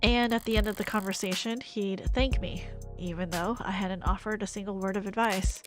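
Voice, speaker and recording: A woman's voice: mid-range voice, fairly even intonation, normal speed, soft background music, close to an everyday voice. A woman voicing a cynical lawyer from a story game in a dry, world-weary, sarcastic way. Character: cynical, sardonic lawyer narrating a visual novel. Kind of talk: reading a game's lines aloud.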